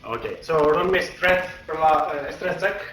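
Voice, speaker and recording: Game master for an online tabletop session. Bright, pushy voice, a little high, fillers between quick action beats, echoey room. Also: male voice, lively intonation. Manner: hesitant, many filler sounds, quick bursts when narrating action. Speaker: dungeon master.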